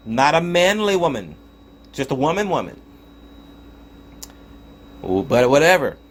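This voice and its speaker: A young man reviews a show in a loose, exasperated rant, full of swearing and stumbling restarts. His voice sits somewhat high for a man and swings widely up and down as he talks. He sounds fed up. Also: sing-song, unhurried. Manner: profane, exasperated ranting with frequent restarts. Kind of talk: casual spoken review.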